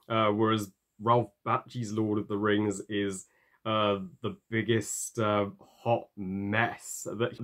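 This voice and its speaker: A man giving a ranting film review, halting, with many fillers and curses. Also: on the low side. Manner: halting, full of fillers and profanity.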